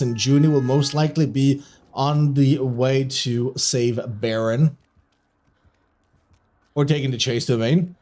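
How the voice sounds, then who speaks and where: A man's voice: medium pitch, darkish tone. A man streaming live video game commentary on a community tournament, often breaking into giggling fits and tripping over his words. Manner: trips over his words and restarts when flustered.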